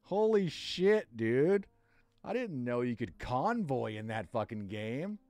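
A man's voice: mid-range voice, sing-song, slow pace, darkish tone, no room sound. A man livestreaming on a headset, thinking aloud as he works and swearing freely. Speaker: streamer. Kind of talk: casual livestream chat while working.

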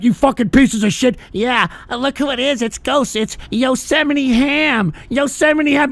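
A man hosting a call-in radio show, shouting an angry, profanity-laced rant at trolls. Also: very high voice, normal speed, gravelly, hardly any pauses, no room sound.

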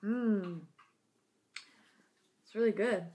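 A young woman in her twenties chatting excitedly on a handheld camera vlog, often laughing. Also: medium pitch, very slow, breathy edge. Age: 20s. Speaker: vlogger. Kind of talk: casual vlog chat. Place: outdoor fireworks show, then restaurant. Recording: noisy phone video with loud crowd.

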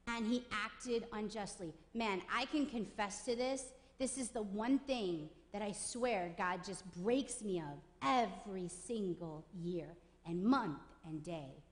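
A woman preaching a sermon with emphatic delivery, building to forceful peaks on repeated phrases. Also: a little high. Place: church sanctuary. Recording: long church reverb.

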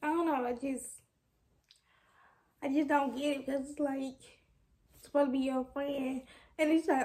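High-voiced young woman venting frustration. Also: steady tone, unhurried, pauses often, darkish tone. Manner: frustrated, candid, rambling with restarts. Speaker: vlogger. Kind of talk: casual venting to camera.

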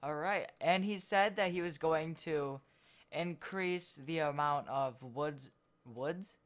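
Slow, rambling gameplay host. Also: medium pitch. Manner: rambling, thinks out loud, trails off mid-sentence. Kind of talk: casual commentary while building in a game.

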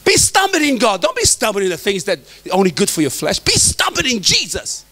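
A man's voice: sits high, huge pitch swings, brisk, sharp tone. A middle-aged man preaching a sermon to the men, emphatic and joking. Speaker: pastor.

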